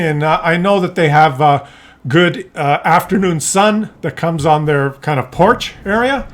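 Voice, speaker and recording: A middle-aged man telling a family story in a casual vlog, animated and laughing often as he acts out voices. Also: on the high side, normal speed. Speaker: content creator.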